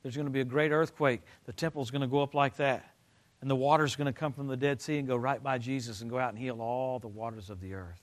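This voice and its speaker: An older man preaching a sermon, telling stories and swinging from loud excited bursts to low quiet stretches. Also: quick pace. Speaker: pastor.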